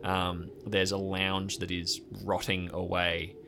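A man running a tabletop game as game master, slowly describing each scene in detail. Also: deep voice, completely flat delivery, gravelly, noisy background. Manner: slow, descriptive scene-setting.

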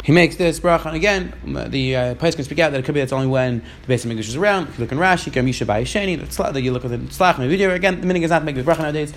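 A man giving a Talmud class in a quick, steady flow, mixing Hebrew and Aramaic quotes with English explanations. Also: a little high, slight background noise. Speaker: Talmud teacher. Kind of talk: Gemara study class.

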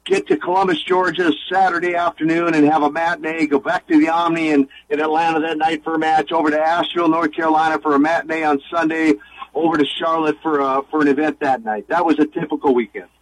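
Appearing as a radio interview guest, a former wrestler and minister in his sixties talks with earnest eagerness, often restarting and reeling off long lists. He speaks fast with fairly high pitch and fairly even intonation, and the recording quality is low.

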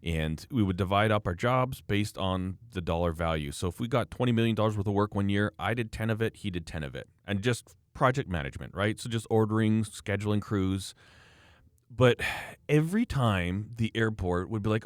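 A blunt, emphatic man talks in a casual podcast chat, his voice sitting on the lower side. The sound is dry and close, with no room around it. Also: lively intonation, brisk, smooth, no room sound. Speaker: podcast host, former project manager.

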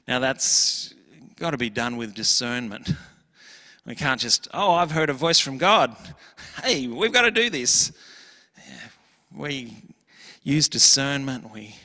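A man's voice: mid-range voice, bright, forceful tone, long reverb tail. A man preaching a sermon as pastor, earnest and emphatic, with little acted asides.

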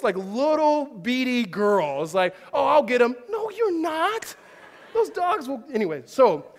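A man in his thirties preaching a sermon, telling lively personal stories with humorous asides. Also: sits high. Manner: animated storytelling with asides and self-deprecating humor. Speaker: pastor. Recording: long reverb of a large hall.

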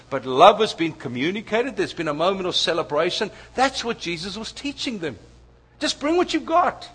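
A man preaching a sermon, telling family stories with lively asides to the audience. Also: sits high, breathy edge. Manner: storytelling, animated asides to the audience. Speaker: pastor.

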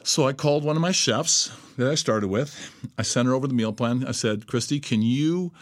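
A man's voice: medium pitch, moderate pace, no echo. A middle-aged man giving a profane motivational monologue, blunt and emphatic, swearing constantly. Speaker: host.

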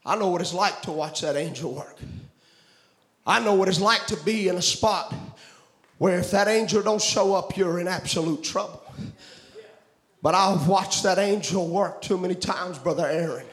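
A man preaching a fervent revival sermon, shouting and chanting in a sing-song style. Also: sits high, normal speed. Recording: roomy echo.

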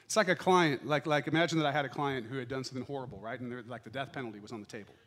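A middle-aged man preaching a sermon in a church, swinging between loud, fervent declarations and quiet, intimate asides. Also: medium pitch, very fast.

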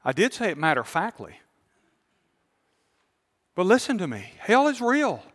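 A male pastor, preaching a sermon. He tells a story calmly, then builds to fervent appeals to the congregation. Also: high voice, moderate pace, in a large hall. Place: large church auditorium.

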